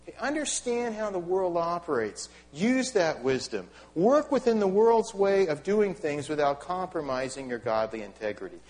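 A middle-aged man delivers a sermon in a chatty, animated style, throwing rhetorical questions and wry asides at his listeners. His voice sits fairly high for a man and swings widely in pitch, rising and falling as he preaches. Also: moderate pace, hardly any pauses. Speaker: pastor.

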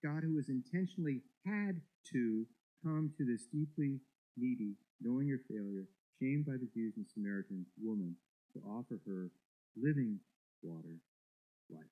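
A man's voice: mid-range voice, normal speed, highs cut off. A male pastor preaching a sermon, emphatic and repeating words as he builds each point.

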